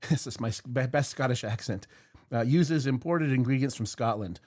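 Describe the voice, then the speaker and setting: Man, casual host, rambling, jokey, mid-pitched voice. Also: normal speed, darkish tone. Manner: jokey and rambling, with fillers and laughs. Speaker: podcast host. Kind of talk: casual chat. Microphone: headphones and mic.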